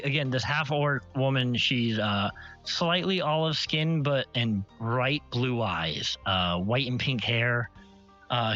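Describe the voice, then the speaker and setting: A man's voice: mid-range voice, takes it slowly, bright, forceful tone. A man narrating a tabletop game as game master, describing scenes in detail and often correcting himself mid-sentence. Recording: slightly muffled stream audio, faint music.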